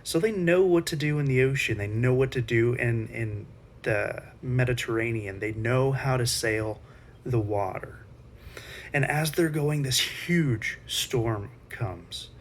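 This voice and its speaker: A man's voice: medium pitch, slow, slight background noise. A man teaching Sunday school, retelling a Bible story in a casual, conversational way with slangy asides.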